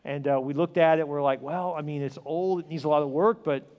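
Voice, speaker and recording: Fast-talking pastor in a reverberant hall. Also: male voice, fairly high pitch, dull audio. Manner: animated storyteller, acts out dialogue, swings from loud to hushed. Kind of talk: sermon storytelling.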